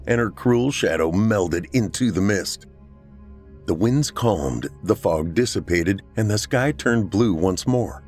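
A man hosting a podcast, reading a horror story aloud in a measured, dramatic way. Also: deep voice. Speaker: podcast host and narrator. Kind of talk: scripted horror story narration.

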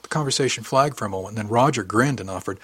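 A man narrating a first-person audiobook, lifting his pitch for character lines and dropping low on dialogue tags. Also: rapid-fire, a bit bright, slightly rough, no echo.

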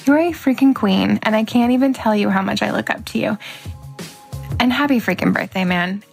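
A woman's voice: medium pitch, a little fast, gravelly, soft background music. A young woman giving a friend a recorded birthday tribute, gushing and effusive in her admiration.

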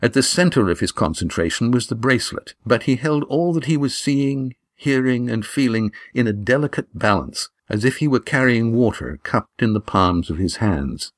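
A man reading a novel aloud as narrator, in a measured, even delivery. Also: medium pitch, no echo, clean studio sound. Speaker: audiobook narrator. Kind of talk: scripted narration.

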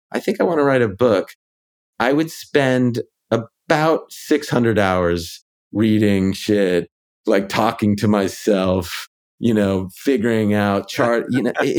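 A man who is a ghostwriter and author, a guest in a relaxed interview. His voice sits somewhat low. He works through his ideas out loud in a reflective way, leaning on fillers as he goes. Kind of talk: casual conversation.

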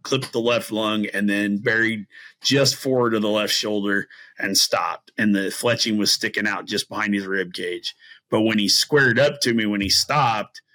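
Midwestern man, low forceful voice, rambling hunting tale; podcast guest, lots of ums and restarts, animated. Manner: rambling, many fillers and restarts; animated, acts out quoted voices. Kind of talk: casual storytelling.

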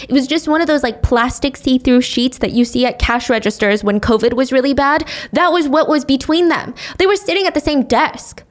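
A woman casually telling a true-crime story to a friend, with indignant, sarcastic asides. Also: high voice.

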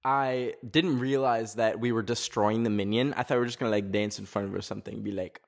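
A man's voice: on the low side, fairly even intonation, quick pace, gravelly. A man hosting a casual chat show from his garage, rambling with lots of fillers and poking fun at himself, sweaty in the summer heat. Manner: rambling, filler-heavy, self-mocking. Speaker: podcast host.

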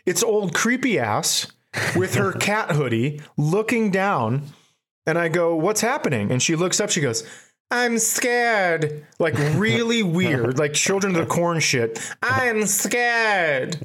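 A man's voice: a little high, fairly bright tone. A man co-hosting a podcast, telling comic stories in a casual, profane way and laughing at his own punchlines. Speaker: podcast co-host. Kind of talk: casual comedic storytelling.

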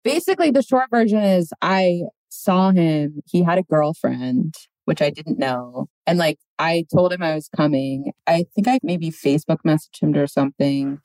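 A woman in her thirties telling a story as a podcast guest, deadpan and drawn out. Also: sits low, no room sound, low-quality recording. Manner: deadpan, drawn-out delivery, puts on voices in anecdotes. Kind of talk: casual chat, storytelling.

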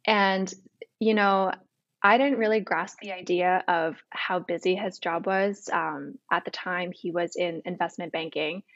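A woman's voice: lowish voice, fairly even intonation, measured pace, a bit bright, no echo, highs cut off. A woman in her twenties from Canada, telling a personal story as an interview guest, chatty and full of quoted dialogue.

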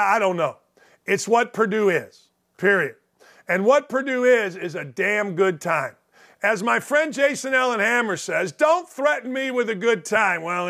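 Middle-aged male sports host, high bright voice, blunt and ranting, sarcastic, curses. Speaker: sports talk show host. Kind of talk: opinionated sports commentary monologue.

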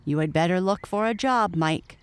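A woman's voice: on the low side, normal speed, clear, resonant tone, dry recording, natural voice. A woman voicing a kindly, worried Irish widowed mother with homely, lilting speech in a storybook reading. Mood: gentle.

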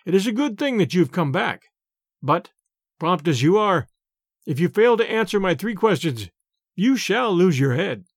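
A man's voice: high voice, big pitch swings, normal speed, dry recording, clean studio sound. A man voicing a proud, angry medieval king who scolds and commands. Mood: mocking. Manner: imperious, scolding. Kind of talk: storybook character voice.

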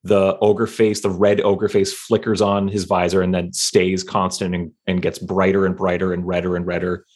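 Very deep-voiced man playing a tabletop game. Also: flat delivery, darkish tone. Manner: self-deprecating, halting, many fillers. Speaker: player.

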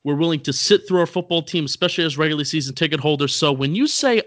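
A man's voice: a little high, a little fast, few pauses, a bit bright. A man co-hosting a podcast, rambling casually and poking fun at himself. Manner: rambling, self-deprecating. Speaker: podcast co-host. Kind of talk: casual chat.

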